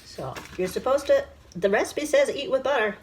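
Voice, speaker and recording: A woman hosting a casual cooking show from her home kitchen, talking chattily and excitably to viewers as she works through each step. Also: high-pitched, normal speed. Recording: background noise and clicks.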